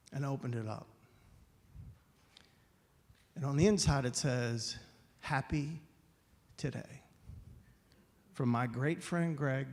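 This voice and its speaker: A man's voice: fairly high pitch, darkish tone. A man giving an inspirational talk at a church, telling a personal story, acting out the dialogue and pleading with emphasis. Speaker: guest speaker. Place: church sanctuary. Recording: long hall reverb.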